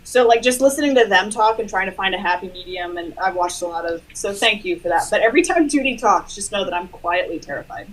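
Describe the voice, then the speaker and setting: A woman from the Pacific Northwest, self-deprecating and quick, chatting on a group live stream. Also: medium pitch, expressive, rough recording. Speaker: TikTok creator and voice actor.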